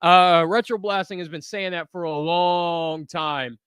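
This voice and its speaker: A man hosting a toy channel livestream, reading viewer comments aloud and giving candid, relaxed opinions with lots of fillers. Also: high voice, a little slow, smooth, no room sound, studio quality. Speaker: toy review channel host.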